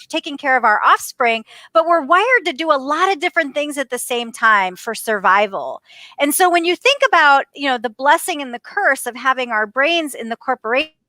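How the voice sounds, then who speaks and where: A woman in her fifties, a leadership coach talking as a podcast guest in an energetic, emphatic way and often calling out to her listeners directly. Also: sits high, dry recording. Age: 50s. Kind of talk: casual interview conversation.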